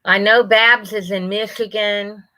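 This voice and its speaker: A woman's voice: mid-range voice, steady tone, a little slow, sharp tone, poor audio. A woman, hosting a livestream and chatting folksily with viewers by name. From Ohio, USA. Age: 60s. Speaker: livestream host. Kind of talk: casual chat reading viewer comments.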